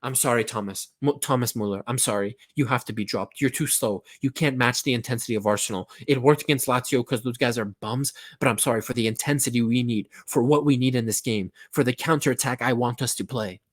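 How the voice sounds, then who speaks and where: A man's voice: mid-range voice, a little fast, hardly any pauses. A man giving an impassioned, pleading mock locker-room pep talk, swearing and apologizing as he goes. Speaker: football fan vlogger.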